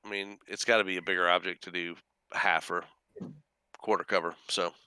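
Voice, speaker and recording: A man's voice: low-pitched, fairly quick, clear, resonant tone. A man acting as dungeon master, casually running a tabletop game session online and making easygoing rulings. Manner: casual, relaxed rules rulings with small restarts.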